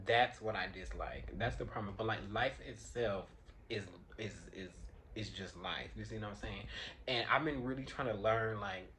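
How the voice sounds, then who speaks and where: A man's voice: lowish voice, normal speed, pushed and bright. Man, twenties, casual profane rant, irritated, repeats and restarts, faint background noise. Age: 20s. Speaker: vlogger.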